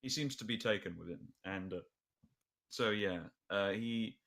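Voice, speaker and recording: A man runs a tabletop role-playing session as game master, his voice sitting a little low but bright in tone. He narrates haltingly, with many fillers and chuckling asides. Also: gravelly.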